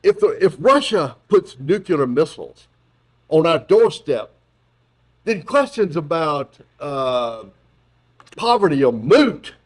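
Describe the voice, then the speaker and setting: A male philosophy professor giving a public lecture in an auditorium, talking in an animated, joking way with frequent restarts. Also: fairly high pitch, slow pace, breathy edge.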